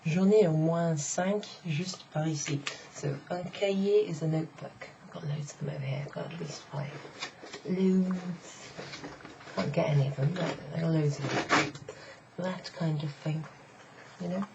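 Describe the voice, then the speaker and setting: Low gravelly woman teaching French. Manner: chatty, explains step by step, repeats phrases slowly. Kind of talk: casual online language lesson. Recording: slightly dull lo-fi sound with faint noise.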